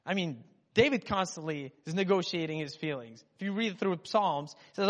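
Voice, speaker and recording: A man's voice: sits high, lively intonation, fairly quick. A man preaching a casual, joking sermon as a pastor, talking in a loose conversational way. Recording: muffled in a reverberant hall.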